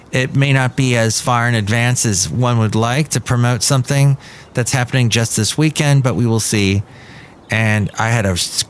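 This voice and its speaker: A man's voice: medium pitch, fairly bright tone, slight background noise. A man hosting a solo podcast in casual chat, rambling with jokey asides. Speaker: podcast host. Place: outdoors at a cafe.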